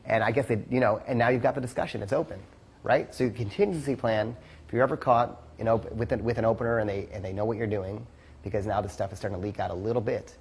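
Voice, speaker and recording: A man's voice: fairly low pitch, fairly even intonation, fast, darkish tone, breathy edge. A man teaching a casual seminar as a dating coach, rambling with lots of "like" and "you know" and the odd curse.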